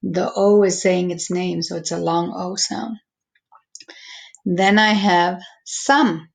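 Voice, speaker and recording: Teacher lady sounding out words real slow for little kids, kinda gravelly. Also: lowish voice, fairly even intonation, low-quality recording. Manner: slow, patient, stretching out each word sound. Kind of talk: phonics lesson for young students.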